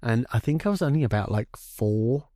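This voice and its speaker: A man, co-hosting a podcast and telling a childhood story in an animated, chatty way. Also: fairly quick, no echo, studio quality. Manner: animated, acts out voices with big pitch jumps. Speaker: podcast co-host. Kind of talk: casual storytelling chat.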